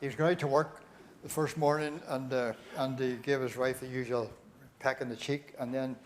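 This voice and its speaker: A man's voice: mid-range voice, fairly even intonation, moderate pace, a little hiss or hum. A man with a Northern Irish accent telling rambling comic stories at a live church concert, laughing at his own jokes. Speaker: comedian at a concert.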